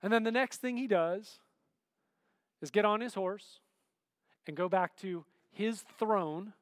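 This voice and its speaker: A man preaching a sermon in a relaxed, conversational way, often checking in with "right?" and filler "like". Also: high voice, slow, dry recording, big-room sound.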